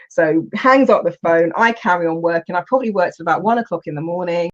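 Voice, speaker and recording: A woman, a coach telling stories in an animated way, with exclamations and restarts. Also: on the low side, fast talker, few pauses, dull audio. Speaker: coach and Huna teacher. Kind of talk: storytelling in a recorded online session.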